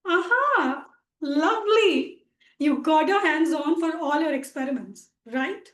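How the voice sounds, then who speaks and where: A young Indian woman delivers a comic contest speech, telling her story playfully with dramatic emphasis. Her voice is high and she speaks at an unhurried pace. The video call audio has a roomy echo. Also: lively intonation, a bit bright. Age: 20s.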